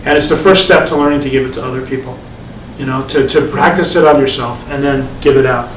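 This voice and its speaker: A meditation teacher leads a live dharma class, his medium-pitched voice moving fast as he talks conversationally, repeating words and tossing in wry asides. The room is echoey, the mic sits at a distance, and there's a faint hiss.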